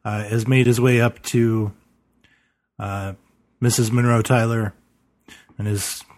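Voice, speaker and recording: A man narrating a tabletop game as game master, halting and full of "you know" fillers. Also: on the low side, little pitch movement, a little mellow.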